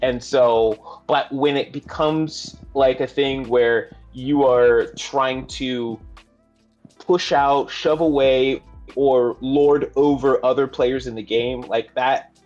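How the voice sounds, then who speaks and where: A man co-hosting a gaming stream talks through his view in a thoughtful, measured way. His audio sounds a little dull and lo-fi, with soft music playing behind him. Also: medium pitch, steady tone. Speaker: podcast co-host. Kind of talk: casual chat.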